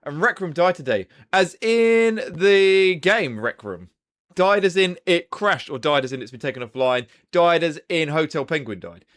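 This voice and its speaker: A man's voice: fairly high pitch, lively intonation, moderate pace, a bit bright. A young man hosting a casual live stream, chatting loosely with viewers and swearing now and then. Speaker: livestream host.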